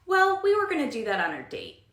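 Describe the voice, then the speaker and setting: Sweet young guy played by a woman, gentle and eager, bright voice, echoey room. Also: high voice, huge pitch swings, brisk, exaggerated voice. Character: sweet thoughtful young male coworker.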